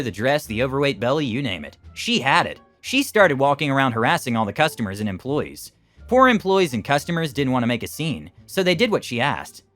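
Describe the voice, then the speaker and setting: A man giving an expressive, scripted narration of first-person internet stories. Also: medium pitch.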